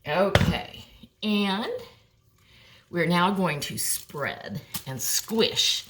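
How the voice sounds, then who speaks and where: A woman's voice: lowish voice, lively intonation, drawn-out words, background noise. An older woman giving a chatty, encouraging cooking demonstration at home, talking to viewers and her dog. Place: home kitchen. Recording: echoey kitchen, mic far off, clattering pots. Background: dishes and pans clattering.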